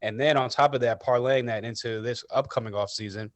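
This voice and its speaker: A man's voice: mid-range voice, brisk, dry recording. Podcast co-host, man, easygoing and agreeable, dry close sound. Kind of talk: casual sports podcast chat.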